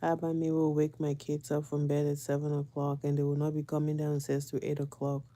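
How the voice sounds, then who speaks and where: A woman's voice: deep voice, monotone, a little fast, mellow, no room sound. A woman, a mother, chatting casually to camera, repeating phrases for emphasis and often breaking into laughs. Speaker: vlogger and mother.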